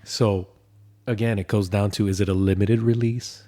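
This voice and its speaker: Casting: man podcast co-host, easygoing and joking, a fairly low voice. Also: moderate pace. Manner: repetitive, joking, relaxed. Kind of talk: casual chat.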